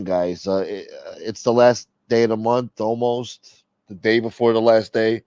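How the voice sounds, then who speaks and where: A man's voice: on the low side, fairly even intonation, a little slow, a little mellow, clean tone, dry recording. A middle-aged man hosting a livestream, rambling and complaining with lots of swearing in casual talk. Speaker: livestream host. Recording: dull lo-fi stream audio.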